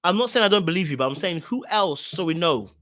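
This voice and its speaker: A man's voice: sits high, animated, quick pace, a bit bright, no room sound. Emphatic slangy man, dry close sound. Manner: emphatic, repeats himself, blunt slang. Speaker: reaction commentator. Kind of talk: casual reaction commentary.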